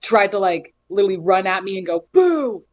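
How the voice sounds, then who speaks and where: A woman guest telling lively stories in a casual chat, often laughing as she talks. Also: medium pitch, quick pace, highs cut off. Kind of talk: casual storytelling.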